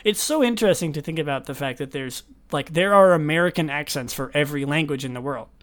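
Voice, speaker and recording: A young man hosts a casual podcast chat, his voice sitting a little higher than most men's. He rambles through tangents, restarting sentences and laughing along the way. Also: fast talker, a bit bright. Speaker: podcast host.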